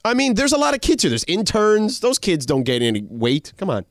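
A male radio host banters easily with his co-hosts, his fairly high voice swinging animatedly up and down. He is recorded close and dry on a studio mic. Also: huge pitch swings, brisk, no echo. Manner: easygoing, with big swings in pitch while joking.

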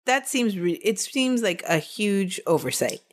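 Woman podcaster walking through a crime story, chatty, mid-pitched, loose and casual. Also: animated, unhurried. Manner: chatty, laughs between facts. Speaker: podcast co-host telling the case.

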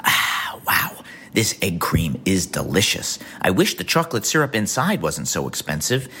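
A man's voice: low voice, sing-song, moderate pace, sharp tone, slightly rough, exaggerated voice. A man voicing a comic podcast advertisement with an exaggerated delivery.

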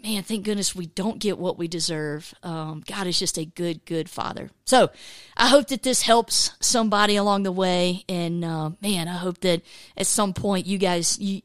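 A woman hosting a casual faith podcast, animated, laughing often and filling her talk with "man" and "dude.". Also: medium pitch, no echo, studio quality. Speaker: podcast host.

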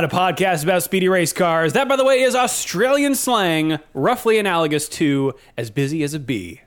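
A man hosting a casual podcast, joking with his co-hosts and reading the show plugs smoothly. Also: high-pitched, lively intonation, moderate pace, few pauses. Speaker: podcast host.

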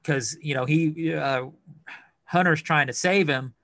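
A man's voice: a little high, measured pace, fairly bright tone, no echo, studio quality. A man co-hosting a podcast, talking loosely and casually with plenty of fillers. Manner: loose, filler-heavy talk. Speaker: podcast co-host.

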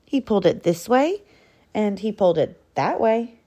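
A woman with a mid-range voice reads a children's picture book aloud at a normal speed. She tells the story expressively, like a storybook reader.

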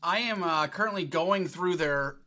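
Bright-voiced co-host thinking aloud. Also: male voice, fairly high pitch, normal speed, no room sound. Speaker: podcast co-host. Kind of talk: casual podcast chat.

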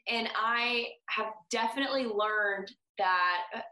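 Woman guest, bright forceful voice, casual rambling chat with restarts, echoey room. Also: on the high side, unhurried. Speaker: personal trainer guest.

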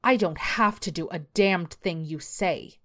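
A woman reading a dark story aloud, voicing a frantic, paranoid woman having a breakdown with desperate pleading. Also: mid-range voice, a little slow, pitched above the performer's own voice, natural voice. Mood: defiant. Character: frantic deluded woman nurse, mid-breakdown.

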